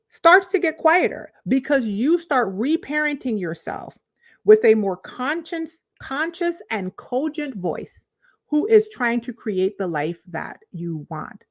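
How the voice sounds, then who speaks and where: A woman, a life coach, giving animated, conversational advice to camera and repeating phrases for emphasis. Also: a little high. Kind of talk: direct-to-camera coaching talk.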